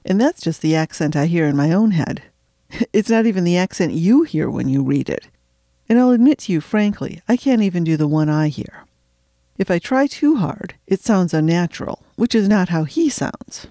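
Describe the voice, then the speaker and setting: Woman reading her mystery novel from her attic, wry and chatty, soft warm tone, dry close sound. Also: fairly low pitch, expressive, normal speed, no echo. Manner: wry, chatty and self-deprecating. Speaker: podcast host and fiction reader. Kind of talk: reading her own mystery fiction aloud. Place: home attic.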